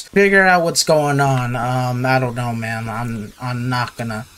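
A man's voice: mid-range voice, steady tone, normal speed, few pauses, slight background noise. A man playing a horror game on his channel, scared and jittery, repeating the same words over and over and calling everyone "bro". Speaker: gaming youtuber.

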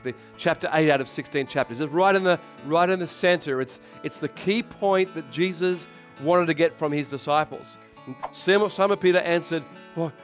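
A middle-aged man, a pastor, delivers a sermon in an animated preaching style, calling out loudly and acting out voices. His pitch sits in the middle range.

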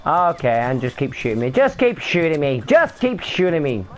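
A man's voice: on the high side, very animated, normal speed. A young man streaming a game live, commenting on the play and swearing in frustration. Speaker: gaming streamer.

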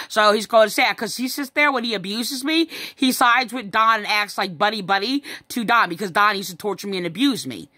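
A distressed woman telling her story to the camera in a halting, repetitive way, with many fillers and sighs. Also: mid-range voice, bright, forceful tone, no room sound, studio quality. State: upset. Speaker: vlogger recounting a family incident. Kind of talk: distressed personal account to camera.

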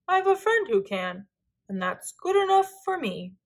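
A woman voicing a gentle, contented little male polar bear cub in a children's storybook, in a soft voice. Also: very high voice, very animated, moderate pace, pitched above the performer's own voice, exaggerated voice.

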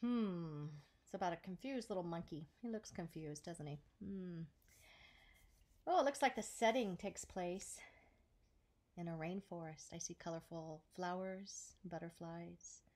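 Gentle woman reading a picture book aloud. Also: lowish voice, a little slow. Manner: gentle, asks the listeners questions. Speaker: story time reader.

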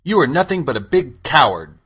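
A man voicing a brave, indignant young girl in an audiobook, speaking high and emphatically. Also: sing-song, normal speed, bright, forceful tone, husky, full character voice. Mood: scolding. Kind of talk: audiobook character voice.

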